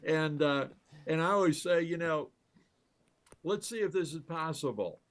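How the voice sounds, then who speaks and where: Speaking at a measured pace in a fairly high voice, an older man being interviewed tells stories with real enthusiasm. He laughs often and performs the quoted dialogue in animated conversation.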